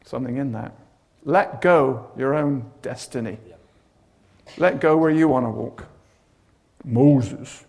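A man's voice: mid-range voice, measured pace, vocal fry. A man preaching a sermon, telling stories with dramatic flair and humorous asides. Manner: animated storytelling with humorous asides.

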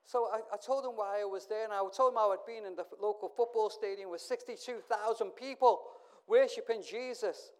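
A middle-aged man from England preaching a sermon, telling stories and swinging from hushed asides to loud, emphatic calls. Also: high-pitched, brisk, few pauses, clear, resonant tone.

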